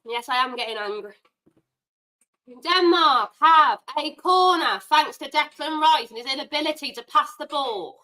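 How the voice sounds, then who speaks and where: A woman hosting a live football watchalong, reacting loudly and getting exasperated with the players. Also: sits high, moderate pace, poor audio. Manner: animated, exasperated, shouts at players. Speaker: watchalong host.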